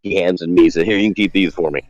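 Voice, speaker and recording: A man with a low voice tells a winding story, slipping into the voices of the people he quotes. The sound is dry and close, with no room around it. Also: steady tone, very fast, dry recording, lo-fi sound. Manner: rambling, acts out quoted dialogue. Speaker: guest calling in. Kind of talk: casual storytelling.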